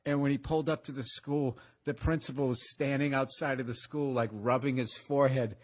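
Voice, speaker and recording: A man, hosting a podcast and telling a story in a profane, animated way. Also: mid-range voice, fairly quick. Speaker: podcast host. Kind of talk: casual storytelling chat.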